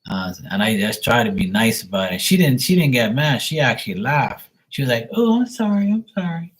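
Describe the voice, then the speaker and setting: Husky-voiced man telling loose stories. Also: fairly low pitch, fairly quick, fairly bright tone, poor audio. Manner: loose, swearing, laughing at his own stories. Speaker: live stream host. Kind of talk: casual storytelling chat.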